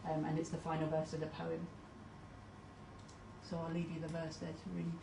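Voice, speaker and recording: Woman presenting at a talk, lots of ums, lowish voice, picked up from far off in an echoey room. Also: completely flat delivery, normal speed, creaky, noisy background. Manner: hesitant, many ums, reads quotes aloud. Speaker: conference speaker. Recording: roomy hall recording from a distance.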